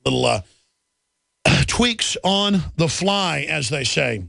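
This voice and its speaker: Gravelly indignant talk radio host. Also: male voice, a little high, expressive, slow pace, sharp tone, no room sound, clean studio sound. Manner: indignant, ranting, restarts and repeats words. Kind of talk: live talk radio monologue.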